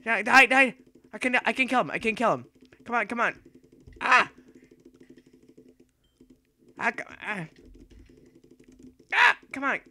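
A young man commentating his own gameplay, excitable and rambling, yelling and repeating himself as he plays. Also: very high-pitched, moderate pace, vocal fry, pauses often. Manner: excitable, yells and shrieks when playing. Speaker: gaming YouTuber.

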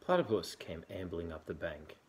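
A man gently reading a picture book aloud to a child at bedtime. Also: low-pitched, sing-song. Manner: gentle, unhurried storybook reading.

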